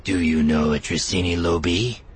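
A man voicing a suspicious, blunt male alien detective who speaks slowly and flatly, accusing everyone. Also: deep voice, lightly acted. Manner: slow, flat, accusing delivery.

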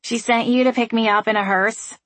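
A woman voicing a sarcastic, stubborn young woman who talks in a sharp, sardonic way. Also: a little high, fairly even intonation, no echo, voice pushed up, close to an everyday voice. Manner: sharp, sardonic, quick to snap.

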